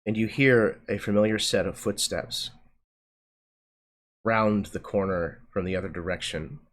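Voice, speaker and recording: A man acting as game master, narrating a tabletop game in a slow, deliberate way. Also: on the low side, a bit bright.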